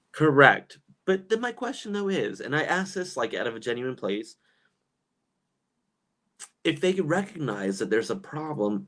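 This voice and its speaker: Chatty man hosting a live chat. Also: medium pitch. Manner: animated, chatty, lots of fillers and laughs. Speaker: livestream host reading chat. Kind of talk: casual chat.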